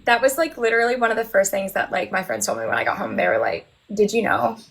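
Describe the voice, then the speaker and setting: A young woman chatting as a guest on a live stream, telling animated stories. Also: medium pitch, quick pace, slightly rough, low-quality recording. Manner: animated storyteller, laughs often. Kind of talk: casual chat.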